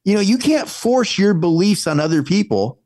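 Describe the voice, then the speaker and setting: A man co-hosting a live-streamed talk show, opinionated and casual, his pitch jumping up when he gets worked up. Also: big pitch swings, moderate pace, darkish tone, no echo, clean studio sound. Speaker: podcast co-host.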